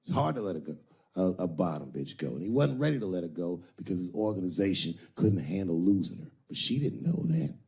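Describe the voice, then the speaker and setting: A male stand-up comedian telling a crude story in a punchy way to a live room. His pitch swings widely from phrase to phrase, and he drops low for emphasis. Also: very animated, fairly quick, warm tone.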